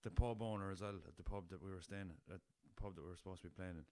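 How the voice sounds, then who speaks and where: A man's voice: low-pitched, racing, warm tone. A young Irish man from the west of Ireland, a podcast host telling rambling anecdotes in a casual way, swearing freely and chuckling as he goes. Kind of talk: casual storytelling.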